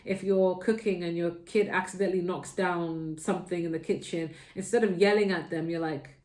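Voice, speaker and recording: Chatty woman tarot reader, low voice. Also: fairly even intonation, moderate pace, a little mellow, reverberant. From United Kingdom. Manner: chatty, repeats "okay?" often. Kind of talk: casual tarot reading.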